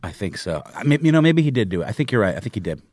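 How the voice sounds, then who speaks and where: A man's voice: fairly low pitch, sing-song, racing, darkish tone, no echo, studio quality. A middle-aged man co-hosting a podcast in casual chat. He rambles animatedly, full of fillers and restarts. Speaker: podcast co-host.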